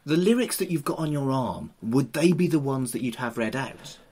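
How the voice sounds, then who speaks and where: A man's voice: mid-range voice, lively intonation, moderate pace, a loud crowd. A British man hosting a podcast interview, chiming in with short, encouraging and jokey remarks. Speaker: podcast host, celebrant.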